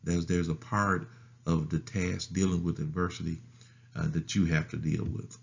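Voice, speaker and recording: A man pastor teaching a Bible study in a deliberate way, often repeating phrases and restarting words. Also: low voice, little pitch movement, creaky, lo-fi sound.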